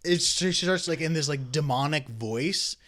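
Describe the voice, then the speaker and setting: Bright-voiced young man telling a rambling story. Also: a little high, unhurried. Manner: rambling storyteller with many fillers and restarts. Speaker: podcast co-host. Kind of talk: casual chat.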